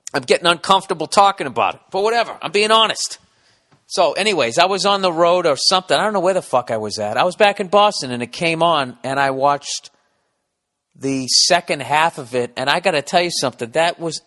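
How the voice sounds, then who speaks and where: A man with a slightly high voice rambles through a profane comedic monologue. He talks bluntly and swears constantly, as a podcast host thinking out loud. His voice carries a long reverb, as if in a large room.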